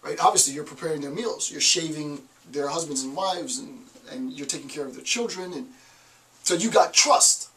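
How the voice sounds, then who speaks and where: A man's voice: a little high, moderate pace, a bit bright, recorded from a distance, a little hiss or hum, poor audio. A man with a Northeast American accent giving a college lecture, talking emphatically and asking rhetorical questions. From Northeastern United States. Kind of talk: classroom lecture.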